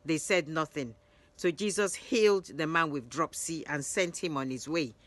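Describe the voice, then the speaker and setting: A woman narrating Bible stories in a lively retelling, raising her voice for the quoted lines. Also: low voice, normal speed. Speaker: Bible storyteller.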